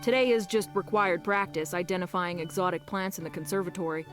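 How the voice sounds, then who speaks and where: A woman's voice: on the low side, fairly even intonation, fairly quick, fairly bright tone, faint music behind, close to an everyday voice. A woman voicing a confident, restless wolfish young student in a game, breezy and self-assured. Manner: breezy and self-assured, sighing about being stuck.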